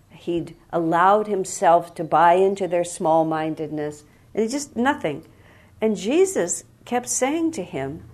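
A woman's voice: on the low side, a little mellow. A woman teacher giving a spiritual talk, telling a story in an earnest, reflective way.

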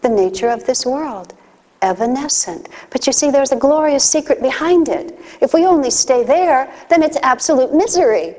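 A woman's voice: sits high, animated, normal speed, mellow. A woman giving a conversational spiritual talk, mixing teaching with personal stories and playful acted asides. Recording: long hall reverb.

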